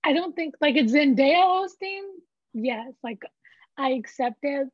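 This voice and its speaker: A woman's voice: high voice, lively intonation, measured pace, dry recording, lo-fi sound. A teenage girl in her senior year, rambling frankly in casual chat. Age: teens. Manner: rambling, frank, filler-heavy. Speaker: teen panelist.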